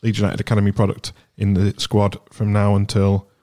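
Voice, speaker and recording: Deep-voiced, fast man reeling off stats. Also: completely flat delivery, mellow. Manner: reads stats and tweets, eager. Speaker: podcast co-host. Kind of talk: casual fan podcast chat.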